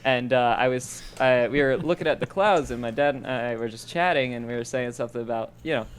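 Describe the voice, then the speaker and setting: A man's voice: mid-range voice, fairly quick, slight background noise. A young man from Idaho, a podcast co-host, telling a rambling story in casual chat and laughing as he goes. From Boise, Idaho.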